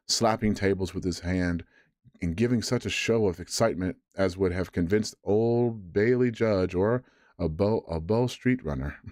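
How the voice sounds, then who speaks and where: A man reading a classic adventure novel aloud as a bedtime story, measured with occasional stumbles over words. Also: deep voice, darkish tone, dry recording, clean studio sound.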